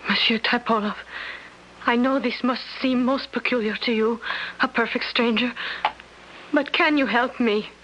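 Cast: pleading young noblewoman, highish voice, dull old radio sound. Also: steady tone, measured pace, a little hiss or hum. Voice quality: urgent, hushed pleading. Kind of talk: 1970s radio drama acting.

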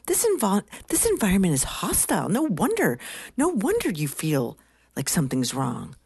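Brief: a woman playing a commanding, no-nonsense office secretary, pitched well up. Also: wildly swooping pitch, moderate pace, darkish tone, husky, no echo, full character voice. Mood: defiant. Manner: blunt, commanding.

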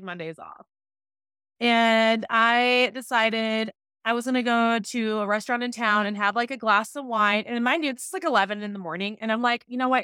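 A woman's voice: on the high side, pushed and bright, clean tone, no room sound, clean studio sound. A woman speaking as a podcast guest, telling her own story in a candid, casual way with many "like" fillers. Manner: open, casual, lots of "like" fillers.

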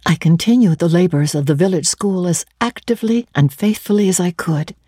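A woman giving a measured, expressive dramatic reading of a classic novel on a close microphone. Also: on the low side, husky, dry recording.

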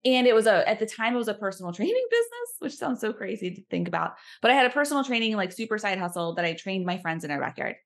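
A woman's voice: mid-range voice, sing-song, fast, few pauses. A woman, chatting as a podcast guest and using lots of fillers. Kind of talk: casual chat.

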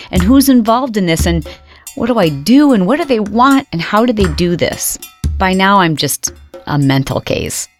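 Low-voiced woman retelling a panic. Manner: re-enacts her panic with sudden high, exclaimed outbursts. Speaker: podcast host telling her own story. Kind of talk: dramatic first-person storytelling.

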